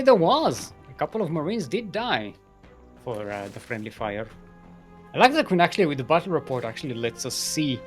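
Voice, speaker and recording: A man's voice: mid-range voice, a bit bright. A man casting a live strategy game tournament, giving running commentary in a goofy, playful way and laughing at his own jokes. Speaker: esports caster.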